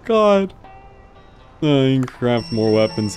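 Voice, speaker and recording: A man casually commenting on his gameplay, excitable and sarcastic, jumping between low mutters and loud yelps. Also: a little slow, long pauses, soft background music. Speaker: gaming video host. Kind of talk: casual let's-play commentary.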